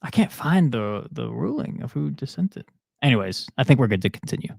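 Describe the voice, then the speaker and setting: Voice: medium pitch, big pitch swings, brisk, gravelly, darkish tone, dry recording, clean studio sound. A person co-hosting a casual talk radio show with laid-back, joking asides.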